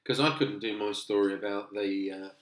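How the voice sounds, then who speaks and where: A middle-aged comedian chatting casually, telling animated stories and acting out the people in them. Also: male voice, fairly low pitch, normal speed. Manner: animated storyteller, acts out voices. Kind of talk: casual chat. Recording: roomy echo.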